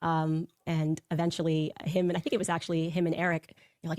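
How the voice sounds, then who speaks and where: A woman telling personal stories in a fast, animated way, acting out the quotes. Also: sits low, dry recording, studio quality. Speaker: political commentator. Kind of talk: personal storytelling on a show.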